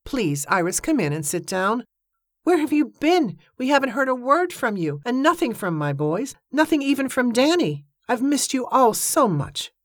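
A woman's voice: fairly high pitch, very animated, moderate pace, no echo, voice pushed up. An earnest young woman hoping to be a film star, who pleads and protests her innocence, read by a woman. She speaks with eager urgency. The recording is dry and close. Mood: pleading.

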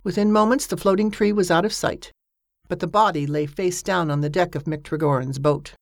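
A woman reading a story aloud as an audiobook narrator, with a steady storytelling manner. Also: fairly quick, no echo, studio quality. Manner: steady storytelling voice, lifting pitch for characters' dialogue. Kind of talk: scripted narration.

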